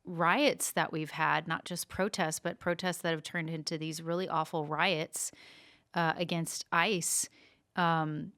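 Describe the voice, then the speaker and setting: A woman co-hosts a podcast in a smooth, clear, lowish voice. She thinks aloud, pausing and reaching for words as she chats. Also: flat delivery, a bit bright. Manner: thinks aloud, with fillers and pauses. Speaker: podcast co-host. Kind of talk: casual podcast chat.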